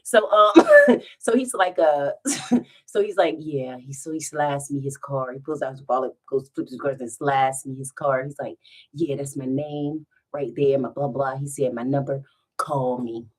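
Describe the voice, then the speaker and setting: A woman's voice: rumbling low, moderate pace. A woman telling funny stories to her live viewers in a casual storytime, giggling and breaking into laughter as she goes. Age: adult with children. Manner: giggly, animated, bursts into laughter.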